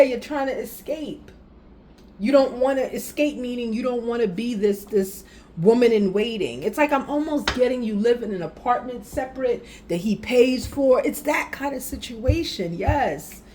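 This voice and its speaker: A woman giving a casual tarot reading, animated and speaking directly to the viewer with frequent affirmations. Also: a little high, slight background noise. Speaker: tarot reader.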